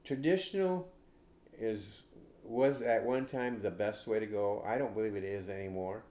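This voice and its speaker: An older man hosting a podcast, giving casual advice in a rambling, halting way with many restarts. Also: lowish voice, darkish tone, roomy sound. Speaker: podcast host.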